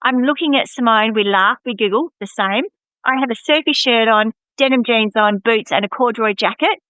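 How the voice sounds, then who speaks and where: A woman's voice: fairly high pitch, normal speed, fairly bright tone, clean tone, no echo. A woman, a podcast guest candidly telling her own life story. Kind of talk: casual podcast chat. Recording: slightly dull, muffled audio.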